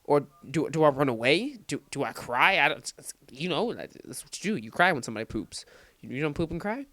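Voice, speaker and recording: A man's voice: a little high, a little fast, no echo. A young man in his late teens casually telling a rambling, crude story over gameplay footage. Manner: rambling, crude, animated retelling. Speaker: gaming commentator.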